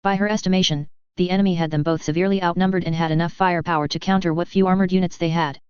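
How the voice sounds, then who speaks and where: A narrator reading a fan fiction story aloud in a steady, even storytelling voice. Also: medium pitch, racing, clear, resonant tone, no room sound. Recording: dry, slightly dull lo-fi recording.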